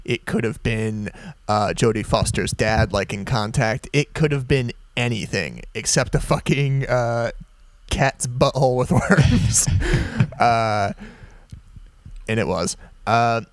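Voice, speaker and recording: A man co-hosting a podcast in casual chat, jokey and quick to laugh. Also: mid-range voice, dry recording. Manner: laughing, jokey, tries bad impressions. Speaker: podcast co-host.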